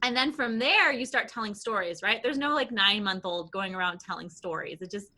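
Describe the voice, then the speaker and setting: A woman's voice: medium pitch, pushed and bright. A woman in her thirties, a guest on a podcast, talking eagerly about her language program with lots of restarts and fillers. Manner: enthusiastic, quick, many restarts and "like". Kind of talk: casual podcast interview.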